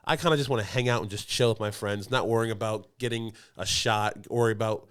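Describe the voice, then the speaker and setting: A man's voice: fairly low pitch, fairly even intonation, fast, a bit bright, smooth. Laughing man telling stories. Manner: rambling storytelling with frequent laughs. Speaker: podcast co-host. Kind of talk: casual chat. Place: podcast studio.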